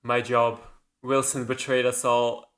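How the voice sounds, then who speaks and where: A man's voice: fairly high pitch, fairly even intonation, moderate pace, sharp tone, voice pushed up. A man voicing a cool, commanding woman scientist who gives curt, urgent orders. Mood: cold.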